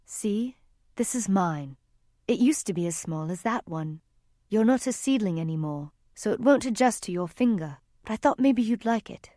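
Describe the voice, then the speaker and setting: A woman voicing a gentle young male faerie in an audiobook, speaking softly and intimately. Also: mid-range voice, expressive, normal speed, dry recording, studio quality, lightly acted. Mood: explaining. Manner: soft, quiet, intimate speech. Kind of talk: audiobook character reading.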